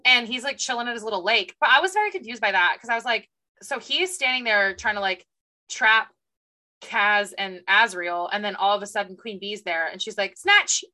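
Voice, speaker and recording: A young woman co-hosting a book podcast in casual chat, animated and acting out characters' lines. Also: mid-range voice, brisk. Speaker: podcast co-host.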